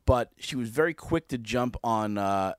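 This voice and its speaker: A man's voice: mid-range voice, lively intonation, normal speed, no room sound, clean studio sound. A man co-hosting a podcast, talking casually about a TV episode, hesitant with stammering restarts. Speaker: podcast co-host.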